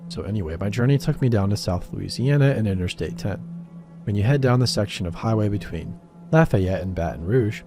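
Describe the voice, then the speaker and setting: A man reading a first-person horror story as scripted narration, measured and wry. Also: lowish voice, lively intonation, music in the background.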